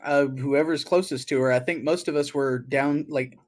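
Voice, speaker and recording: A man's voice: on the high side, steady tone, moderate pace. A man taking part in a tabletop game as a player, explaining rules and his character's actions matter-of-factly.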